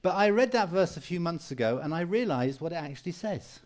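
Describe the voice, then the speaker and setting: A man's voice: a little high, animated, brisk. A man preaching a sermon in an earnest, encouraging way, repeating phrases for emphasis. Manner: mimics people for humor with raised voice.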